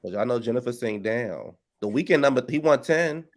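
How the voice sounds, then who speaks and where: Co-host: sassy, joking man with an everyday mid-range voice, quick to curse. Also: mid-range voice, animated. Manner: sassy, joking banter with frequent cursing. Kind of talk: casual chat.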